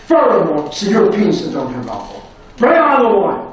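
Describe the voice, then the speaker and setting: A man's voice: a little high, wildly swooping pitch, fast talker, a little mellow, recorded from a distance. An older man quoting a stubborn older Methodist bishop in a blunt, insistent way. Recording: echoey room recorded from afar.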